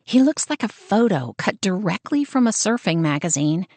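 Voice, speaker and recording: A woman narrating a first-person romance audiobook in an expressive, wry storytelling manner. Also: medium pitch, moderate pace, dry recording.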